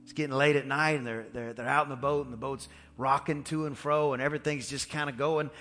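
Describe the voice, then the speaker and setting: A male pastor preaching a sermon in a lively, casual storytelling style. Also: medium pitch, fast. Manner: storytelling, animated, casual slang. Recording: echoey church hall with faint music.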